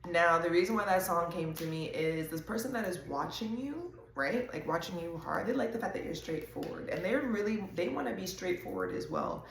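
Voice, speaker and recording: A woman hosting a casual intuitive reading, talking straight to viewers in a chatty, animated way with quick asides. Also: on the low side, gravelly, echoey room, slight background noise. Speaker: host.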